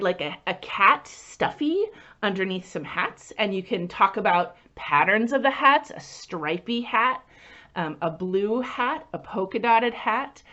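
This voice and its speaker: A woman children's librarian leading a story time lesson, animated and singsong, asking the children questions as she goes. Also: a little high, lo-fi sound.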